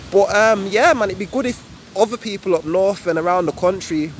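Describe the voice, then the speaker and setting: A man's voice: high voice, fairly even intonation, a little fast. A young man with a Birmingham accent, casually explaining a topic in a musing way full of ums and restarts, recorded outside in town. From Birmingham, England. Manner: laid-back, musing, many ums and restarts. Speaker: vlogger. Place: outdoors in town by a tree. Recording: outdoor street noise. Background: street traffic.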